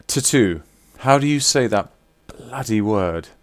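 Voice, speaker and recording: A man's voice: lowish voice, animated, measured pace, dry recording. A man chatting casually with viewers on a live stream while signing autographs, teasing and reading out names.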